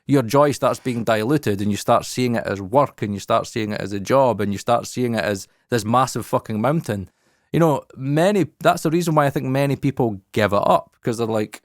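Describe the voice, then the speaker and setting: A man's voice: mid-range voice, animated, moderate pace, dry recording. A man, co-hosting a podcast in casual chat, frank and emphatic, swearing often, close on a studio mic. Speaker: podcast co-host.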